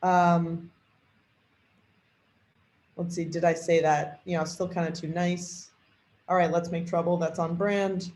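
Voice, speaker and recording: A woman's voice: fairly low pitch, little pitch movement, slow, pauses often, darkish tone, roomy sound, low-quality recording. A woman giving a casual tutorial on tuning an AI character, thinking aloud with lots of fillers. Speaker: trainer demoing an AI character tool.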